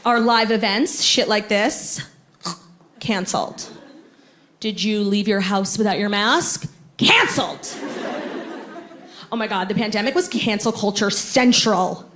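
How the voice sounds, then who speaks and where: A woman's voice: medium pitch, unhurried, pauses often. A young woman doing a stand-up comedy set on a theatre stage, brash and self-absorbed, with dry sarcasm. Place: theatre stage before a live audience. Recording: live theatre recording with crowd laughter. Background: audience laughter.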